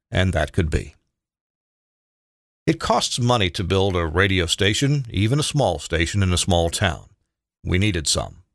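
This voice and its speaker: An older man reading his own memoir aloud in a measured, reflective way. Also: low-pitched, a bit bright, no room sound, clean studio sound.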